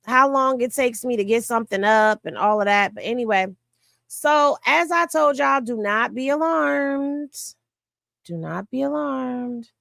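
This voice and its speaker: A woman's voice: a little high, expressive, a little slow, creaky, fairly bright tone, no room sound, studio quality. A woman hosting casual reaction commentary, blunt and sassy, talking straight to her viewers. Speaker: commentary host. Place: home room with rain on a tin roof.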